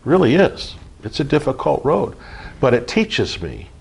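A man's voice: medium pitch, big pitch swings, unhurried, gravelly, husky. A middle-aged man giving an informal spiritual teaching, earnest and repetitive, often checking in with his listeners. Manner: earnest, repetitive, frequent "okay?" check-ins. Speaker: spiritual group leader.

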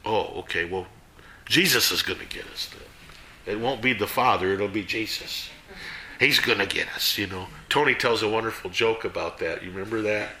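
A man giving a casual sermon to a small group, folksy and animated, jumping between loud and hushed. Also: lowish voice, moderate pace, echoey room, a little hiss or hum. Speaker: Bible teacher.

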